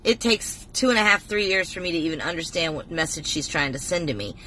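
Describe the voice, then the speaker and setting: A woman's voice: fairly low pitch, animated, fast, bright, forceful tone, slight background noise. A woman in her forties telling a long personal story to a phone camera in a blunt, swear-heavy way. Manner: profane, emphatic and blunt. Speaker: TikTok storyteller.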